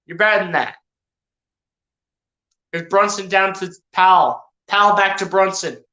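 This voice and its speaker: Bright, chatty play-by-play streamer in an echoey room. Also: medium pitch, fairly even intonation, unhurried. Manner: chatty, addresses players and viewers directly, self-correcting. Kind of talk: casual live play-by-play commentary.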